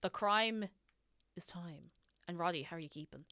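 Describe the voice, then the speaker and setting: An Irish woman streams a game, chatting casually with her viewers in a scatterbrained way and talking straight to chat. Her voice is on the low side, bright and forceful, at a moderate pace. There's a little hiss or hum in the recording.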